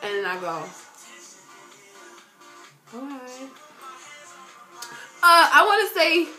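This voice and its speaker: Teen girl doing a q&a vlog in her room, kinda high voice, jokey and dramatic, faint music in the back. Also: very animated, slow pace. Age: teens. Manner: chatty, joking, dramatic swings in loudness and pitch. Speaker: vlogger. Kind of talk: casual Q&A vlog talk. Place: bedroom at home.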